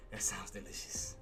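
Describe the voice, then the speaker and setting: A man's voice: lowish voice, gravelly. A man hosting a live day-trading stream, talking in a casual, slangy way and calling his viewers boss and man. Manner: laid-back, slangy, calls listeners boss and man. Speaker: day-trading livestream host. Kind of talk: casual live market commentary.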